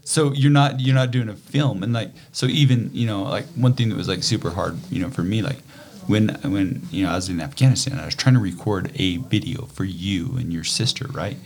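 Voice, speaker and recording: A man's voice: deep voice, brisk. A middle-aged man and father in a casual podcast chat, telling stories with lots of fillers and acting out quoted lines. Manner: animated storyteller, acts out quotes, many fillers. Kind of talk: casual conversation.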